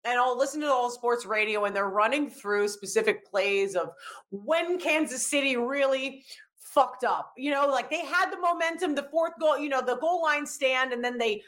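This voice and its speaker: A woman co-hosting a casual sports podcast, animated and quick with asides, swearing freely as she tells stories. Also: high-pitched. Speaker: podcast co-host.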